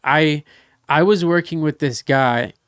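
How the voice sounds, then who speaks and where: A man from the States, hosting a casual podcast interview, telling animated stories and acting out quoted dialogue. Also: on the high side, a little slow, smooth, no room sound, clean studio sound. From Southern United States. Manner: asks probing follow-up questions. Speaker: podcast host.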